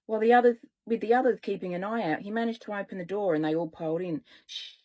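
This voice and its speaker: A woman and children's author reading her own story aloud in a relaxed way, now and then correcting herself. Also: medium pitch, fast, low-quality recording.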